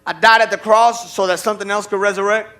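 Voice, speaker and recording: Bright, high-voiced male preacher telling stories. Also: fast talker, soft background music. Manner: animated, acts out voices in his stories; conversational, checks in with the audience. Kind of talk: storytelling sermon.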